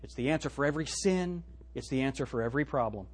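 A man preaching a sermon as pastor, reading scripture aloud and swinging between loud and hushed delivery. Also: medium pitch, quick pace, a little hiss or hum. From United States. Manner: quotes scripture in old-fashioned wording.

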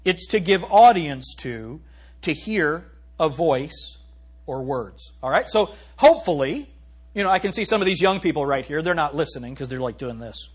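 A man preaching a sermon as pastor in a church, animated and swinging from loud to hushed, reading scripture slowly and emphatically. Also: on the high side, breathy edge. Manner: reads scripture in a slow, emphatic cadence. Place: church sanctuary.

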